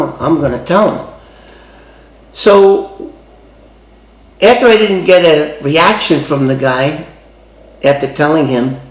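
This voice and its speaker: A man from the Bronx, telling a true story from his past in a loose, halting way with many restarts. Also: medium pitch. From the Bronx, New York. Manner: loose, halting retelling with restarts and street phrasing. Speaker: former FBI informant recounting a case. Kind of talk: conversational first-person storytelling. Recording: roomy echo.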